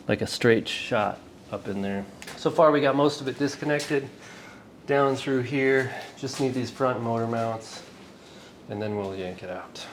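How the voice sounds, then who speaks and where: Chatty man vlogging in noisy garage. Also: medium pitch. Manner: chatty, joking, talking to the camera while working. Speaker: vlogger wrenching on a truck. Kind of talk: casual workshop vlog. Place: home garage or shop.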